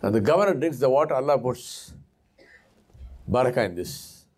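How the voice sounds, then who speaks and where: A man preaching, telling a story with lively delivery and putting on voices for the characters. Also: medium pitch, moderate pace, slightly rough. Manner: animated storyteller who acts out voices. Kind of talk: sermon storytelling.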